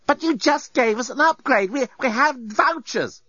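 A man's voice: high-pitched, expressive, moderate pace, fairly bright tone, no echo, pitched above the performer's own voice. A man reading a storybook aloud, voicing a condescending male robot desk clerk with an insolent, clipped manner. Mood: snotty. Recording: dull lo-fi dry recording.

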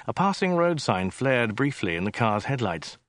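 Male audiobook narrator, wry, animated, dry studio sound. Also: mid-range voice, moderate pace, no room sound. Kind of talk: scripted narration.

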